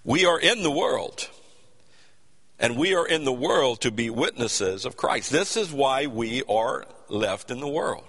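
Male preacher, bright tone, very animated pitch, earnest and emphatic, long reverb. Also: a little slow, gravelly. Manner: earnest, emphatic, repeats words as he builds a point. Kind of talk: sermon.

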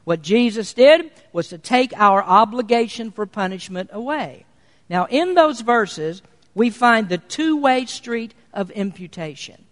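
A man preaching a sermon as pastor, earnest and deliberate, slowing down to stress key words. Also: high-pitched, expressive, big-room sound. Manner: earnest preaching, slows for emphasis.

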